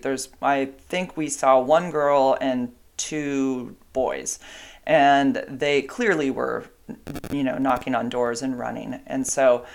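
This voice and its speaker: A middle-aged woman casually telling a long personal story, rambling with fillers and asides. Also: a bass voice. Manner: chatty, rambling, with fillers and asides to her dogs.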